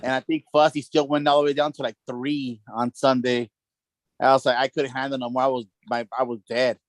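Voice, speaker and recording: A man's voice: mid-range voice, little pitch movement, brisk, no room sound. A man co-hosting a podcast in casual chat, steering the talk in an easygoing way with many fillers. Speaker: podcast co-host.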